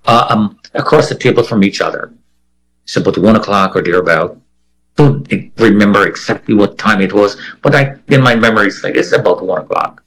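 This interviewee's fairly low, slightly rough voice comes through a rough recording as he gives a first-person account. He brings the people he quotes to life by vividly imitating their voices.

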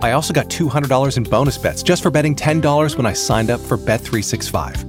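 A man's voice: mid-range voice, animated, quick pace, music in the background, close to an everyday voice. A man playing a smug, competitive book club reader in a radio ad, talking in a gloating way.

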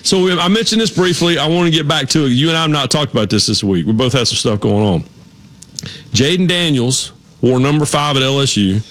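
A man's voice: a little high, lively intonation, a little fast, a bit bright. Man, sports talk co-host, rambling storyteller, casual studio chat. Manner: rambling storyteller, laughs easily.

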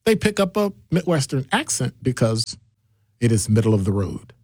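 A middle-aged man hosting a casual call-in radio show, talking in a digressive, animated way. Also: moderate pace, slightly rough, dry recording, clean studio sound. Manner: animated, digressive, jumps between deep and high voices. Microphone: studio microphone.

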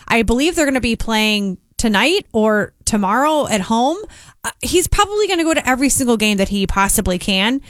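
A woman's voice: fairly high pitch, expressive, fairly quick, no echo, studio quality. A woman, a morning radio host chatting casually and reading an ad, bubbly and self-deprecating. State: tired. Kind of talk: casual radio chat and live-read ad. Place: radio studio. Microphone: studio microphone.

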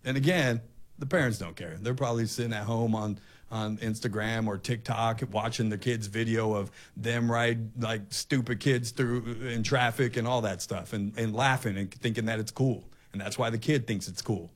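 A man's voice: lowish voice, fairly even intonation, normal speed. A male talk show host delivering an impassioned, ranting opinion monologue, often repeating himself.

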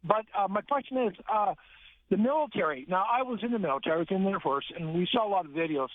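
Brief: male caller, somewhat high voice, halting delivery, thin dry phone-line sound. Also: expressive, no echo. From Alberta, Canada. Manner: halting, many fillers, hesitant. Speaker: caller, Air Force veteran.

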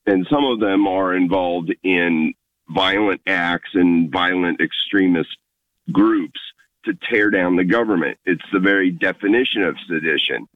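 An earnest, insistent man calling in to a radio show. His very deep voice comes through a narrow phone line with a dry sound. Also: measured pace, dry recording. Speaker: caller.

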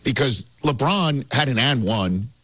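A man hosting casual sports talk, animated and excitable, laughing as he tells it. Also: medium pitch, measured pace, no room sound. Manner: animated, excitable, laughs while telling stories.

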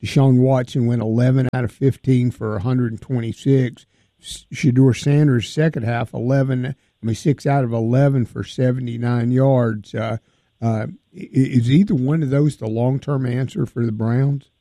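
A man's voice: medium pitch, normal speed, no room sound. A man hosting a casual sports talk show, asking questions with frequent fillers. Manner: relaxed, flat delivery with frequent fillers. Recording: dry, phone-like line.

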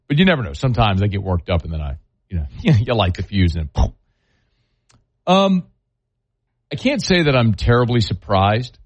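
A man with a low voice hosting sports talk radio, speaking into a studio mic. He talks casually but with strong opinions and gets fired up on the topic. The sound is dry and close, with no room echo. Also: dull audio. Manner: opinionated, conversational, worked-up rants. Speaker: sports talk show host.

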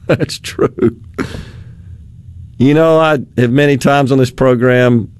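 A male radio talk show host on a studio microphone, chatting in an animated, sarcastic way and laughing often. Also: mid-range voice, slow pace, clear, resonant tone, no echo.

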